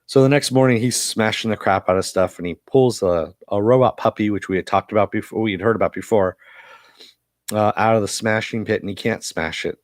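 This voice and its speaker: A man's voice: on the low side, brisk, no echo, studio quality. A man with a cough giving a casual, rambling recap of a TV episode, full of fillers. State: has a cough. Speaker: TV episode reviewer.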